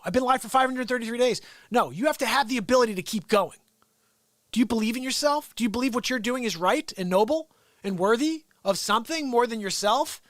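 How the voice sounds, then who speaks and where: A man's voice: extremely high pitch, fairly bright tone, no room sound, clean studio sound. A man hosting a daily livestream, ranting sarcastically and animatedly about politics from home. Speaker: livestream host. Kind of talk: unscripted political rant.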